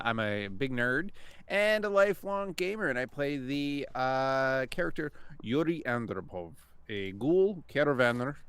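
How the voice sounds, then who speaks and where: A man's voice: mid-range voice, fairly bright tone, clear, resonant tone, dry recording. A man introducing himself as a player in a tabletop game, friendly and enthusiastic, speaking over a video call. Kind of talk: casual chat.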